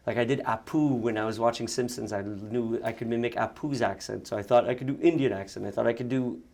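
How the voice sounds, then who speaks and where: A man's voice: mid-range voice, fast talker, gravelly, a little mellow. A young man from Montreal, an actor and sketch comedian, chatting in an interview, laughing often and restarting his sentences. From Montreal, Canada. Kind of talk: casual interview chat.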